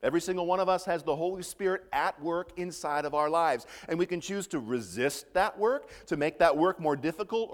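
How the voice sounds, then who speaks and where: A man's voice: a little high, long reverb tail. A man preaching a sermon as a pastor, reading scripture, leading a prayer and asking rhetorical questions.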